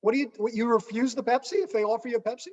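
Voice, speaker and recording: A man's voice: extremely high pitch, steady tone, very fast, a little mellow, in a large hall, muffled recording. A man co-hosting a casual podcast chat, jumping in with wry questions. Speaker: podcast co-host.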